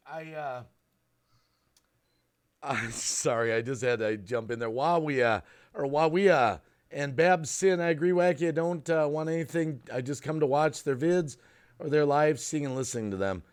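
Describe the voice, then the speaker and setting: A man's voice: on the high side, moderate pace. A man hosting a casual live stream chat, worked up and ranting while apologizing for cutting in on his guests.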